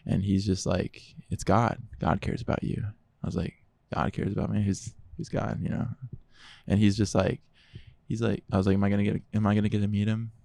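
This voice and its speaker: Low gravelly man telling a story. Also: fairly quick, dry recording. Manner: animated storyteller, quotes others in dialogue. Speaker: podcast guest. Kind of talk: casual testimony storytelling.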